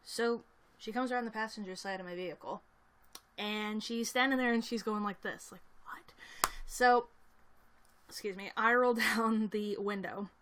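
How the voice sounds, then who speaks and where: A woman's voice: mid-range voice, normal speed, fairly bright tone. A young woman chatting casually on a livestream, telling a story with lots of fillers and little laughs. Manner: snacking and reading chat aloud. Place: indoors at her computer. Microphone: camera on a selfie stick.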